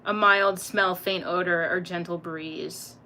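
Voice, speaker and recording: Young woman streamer, bright voice, playful and profane, laughs a lot while reading chat. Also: lowish voice, fairly even intonation, slow. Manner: swears freely, laughs often, chatty and playful. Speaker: livestream host reading chat. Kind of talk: casual livestream chat.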